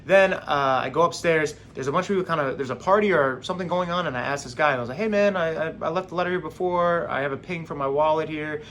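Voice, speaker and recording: A young man recounts a personal story in a casual, animated way, slipping into the voices of the people he met along the way. His voice sits slightly high. A faint low rumble runs underneath the recording. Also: fast talker, few pauses. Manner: animated, acts out quoted voices. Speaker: vlogger telling a story.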